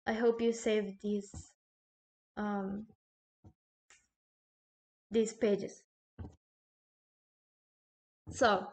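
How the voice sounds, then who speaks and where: A woman teaching a recorded grammar lesson, explaining slowly and checking in with "okay?" between points. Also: a little high. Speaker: language teacher.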